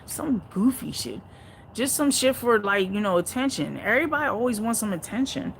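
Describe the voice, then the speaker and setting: A woman's voice: a little high, very animated, moderate pace, creaky, slight background noise, rough recording. A woman hosting a casual live stream, chatting bluntly and profanely with her viewers and laughing often. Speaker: livestream host reading viewer comments.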